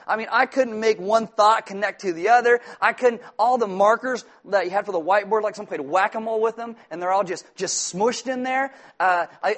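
A man preaching a sermon as pastor, telling stories in a lively, self-mocking way with asides to the congregation. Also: sits high.

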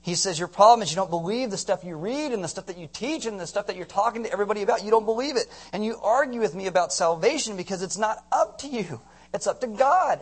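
High-voiced animated male preacher. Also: fast talker. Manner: animated, joking, acts out voices and quotes. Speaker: pastor. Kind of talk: sermon.

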